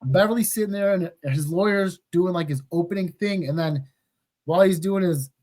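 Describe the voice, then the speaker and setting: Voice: medium pitch, normal speed, a little mellow. A podcast host recapping a film in casual chat, swearing freely and laughing often.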